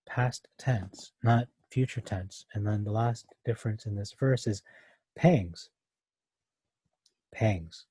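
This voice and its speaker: A man's voice: lowish voice, dark tone, breathy edge, dry recording. A man teaching a verse-by-verse Bible study, thinking aloud with many fillers and restarts.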